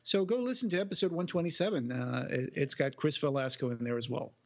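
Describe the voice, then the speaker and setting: A Portuguese man who speaks English with a mostly American sound, co-hosting a podcast in relaxed chat full of fillers. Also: medium pitch, fast, gravelly, dull audio. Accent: Portuguese, with American-style English. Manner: relaxed, thinks aloud with many fillers. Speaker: podcast co-host.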